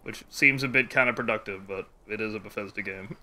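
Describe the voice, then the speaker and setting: Bright-voiced man streaming casual chat. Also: on the low side, fairly quick. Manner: rambling, swears freely, laughs often.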